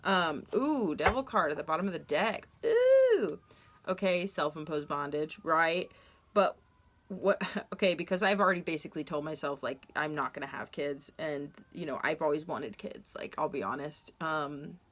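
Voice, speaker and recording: A woman's voice: low voice, expressive, normal speed, fairly bright tone. Rambling, candid woman reading tarot. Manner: rambling, candid, frequent ums and self-corrections. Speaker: tarot reader. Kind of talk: casual tarot reading to camera.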